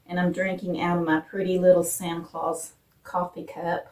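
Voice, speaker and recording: A woman from Appalachia hosting a casual cooking vlog in her home kitchen, chatting homey with fillers, her voice a bit rough from morning. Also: lowish voice, flat delivery, moderate pace, a little mellow. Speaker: vlog host. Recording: roomy echo, distant mic.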